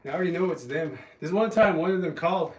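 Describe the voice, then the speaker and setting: A man livestreaming from home, talking in a loose, rambling way with lots of ums and restarts. His voice sits a bit high for a man. He is heard in a roomy space, a little away from the mic. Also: lively intonation, quick pace, a little mellow. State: resting an injured calf. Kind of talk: casual livestream chat. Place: home, lifting weights while streaming. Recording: roomy, from a distance.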